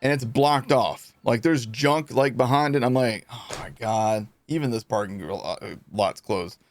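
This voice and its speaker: A man's voice: medium pitch, a little slow, soft background music. A man streaming a game, casually telling his chat a long story, laughing and acting out what people said. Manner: animated, laughing, acts out quotes.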